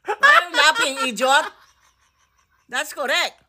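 A woman's voice: high voice, sing-song, measured pace, sharp tone. A middle-aged Filipino woman with a Filipino accent, a mother who scolds and laughs in casual comic banter, mixing Tagalog and English. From Philippines. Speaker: mother in a family comedy video.

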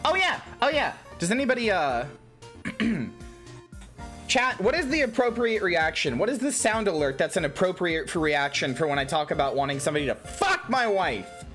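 A woman streamer chatting with her viewers, excitable and giggly, swearing a lot and bursting into shouts. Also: on the low side, normal speed, soft background music. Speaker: VTuber streamer. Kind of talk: casual live-stream chat with viewers.

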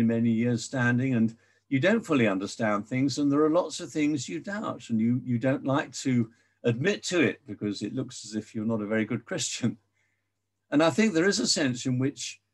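An older man giving an earnest sermon to his church, repeating words as he pleads gently. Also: mid-range voice. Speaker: preacher.

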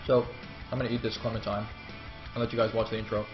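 A man's voice: on the low side, flat delivery, fast talker, dull audio, music in the background. A man casting a game match in a casual, rambling way, often mocking himself and swearing. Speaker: amateur esports caster.

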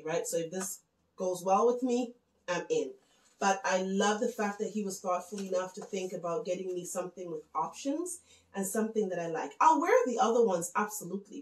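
A woman's voice: lowish voice, roomy sound, poor audio. Chatty woman gushing over gifts. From West Indies. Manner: chatty and gushing, addresses viewers as guys. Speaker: home vlogger. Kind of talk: casual gift show-and-tell.

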